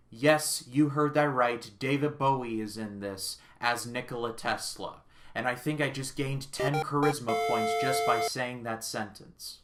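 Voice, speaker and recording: A man hosting his own movie review channel, talking casually and with enthusiasm, full of jokes and quick asides. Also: mid-range voice, fairly bright tone.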